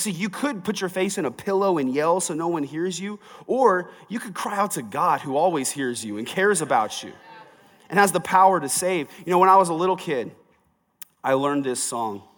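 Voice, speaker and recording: A pastor preaching a sermon, reading scripture and then talking it through in a conversational, sometimes emphatic way. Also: male voice, on the high side, a bit bright, big-room sound.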